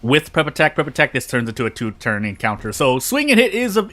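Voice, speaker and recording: A man's voice: mid-range voice, sing-song, quick pace, few pauses, pushed and bright. A man streaming a game, chatting casually as he plays and eats, often repeating himself and restarting his sentences, with faint game music behind him. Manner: rambling, repeats phrases and restarts mid-sentence; talks while eating. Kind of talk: casual gameplay commentary.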